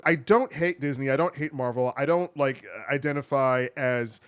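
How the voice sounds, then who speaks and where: A man co-hosting a casual movie review chat, animated, often laughing, with quick asides. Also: mid-range voice, clear, resonant tone. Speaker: podcast co-host.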